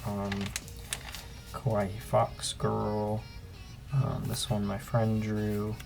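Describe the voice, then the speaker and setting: A young man in his own casual commentary as he pages through an old sketchbook, relaxed and rambling with frequent ums. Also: on the low side, extremely slow, vocal fry, over loud music. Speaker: artist and channel host.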